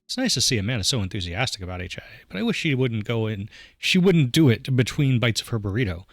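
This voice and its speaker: A man's voice: mid-range voice, quick pace, no room sound, clean studio sound. A man hosting a playthrough, reading the dialogue of a dad dating game with jokey asides. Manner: animated, jokey, voices the player dad with warmth. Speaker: let's play host.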